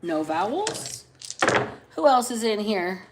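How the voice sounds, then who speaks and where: A woman hosting a casual live-stream reading into a phone, chatty and salty, stretching out single words between quick asides. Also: mid-range voice, very animated, very noisy. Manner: chatty, drawls single words then talks fast. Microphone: phone camera.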